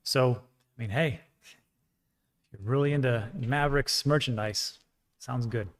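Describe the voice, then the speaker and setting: A man's voice: mid-range voice, measured pace. A man hosting a casual livestream, chatting frankly and rambling as he reads out viewer comments, with frequent fillers. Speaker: crypto livestream host.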